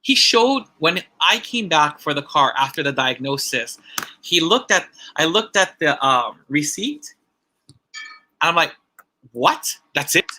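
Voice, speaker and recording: A man's voice: fairly high pitch, animated, a little slow, sharp tone. A man giving a personal testimony at a church ceremony, telling a story with repeated phrases and acted-out quotes.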